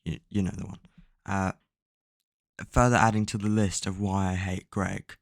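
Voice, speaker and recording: A man with a lowish, gravelly voice talks through a story recap in a loose, rambling way, swearing often and filling gaps with ums. The sound is dry and close, recorded at home. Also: level tone, moderate pace, no room sound. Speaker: book plot summarizer. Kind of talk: casual plot recap. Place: at home, bedroom with a cat.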